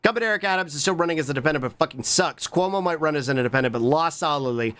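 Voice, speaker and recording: A man's voice: a little high, lively intonation, very fast, fairly bright tone. An American man streaming, chatting casually with lots of swearing and rambling, humming filler sounds between thoughts. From USA.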